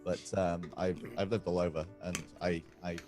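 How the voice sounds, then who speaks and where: A man from northern England chatting casually, with a northern English accent softened toward standard British and dry joking asides. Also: low voice, flat delivery, moderate pace, music in the background. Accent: northern English mixed with standard British. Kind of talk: casual chat.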